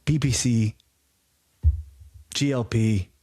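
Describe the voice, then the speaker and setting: A man's voice: medium pitch, slow, warm tone. A man in his forties co-hosting a podcast, talking in a blunt, profane, rambling way. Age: 40s. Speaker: podcast co-host. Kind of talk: casual podcast chat.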